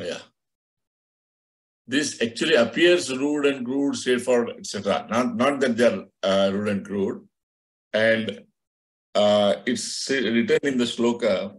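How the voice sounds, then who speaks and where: A man leads an online astrology class, his voice sitting on the low side. He explains in a loose, rambling way, full of fillers, restarts and asides, and the sound comes through a video call. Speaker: astrology instructor.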